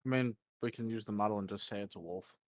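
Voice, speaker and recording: A man's voice: on the low side, quick pace, dull audio, a little hiss or hum. A man playing in a tabletop game, asking hesitant questions in casual chat. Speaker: player.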